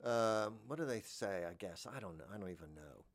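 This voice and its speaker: Dry-voiced man rambling deadpan. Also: a little fast, no room sound. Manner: meandering, deadpan, trails off into mumbles; jumps into high squeaky voices for imagined speakers. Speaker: podcast host. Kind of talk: rambling comic monologue.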